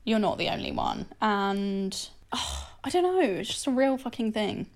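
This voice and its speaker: A woman's voice: mid-range voice, very animated, moderate pace, gravelly. A woman in her twenties co-hosting a podcast, talking candidly and often laughing through confessional chat. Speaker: podcast co-host. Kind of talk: casual chat.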